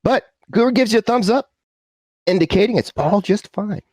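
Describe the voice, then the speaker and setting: A man's voice: high voice, normal speed, darkish tone, no echo. A man running a tabletop game, narrating casually with frequent fillers. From United States. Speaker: game master.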